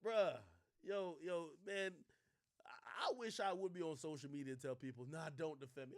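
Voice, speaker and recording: A man streaming and reacting to clips in casual, animated talk, full of slang, swearing and repeated words. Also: fairly high pitch, normal speed, no room sound, studio quality.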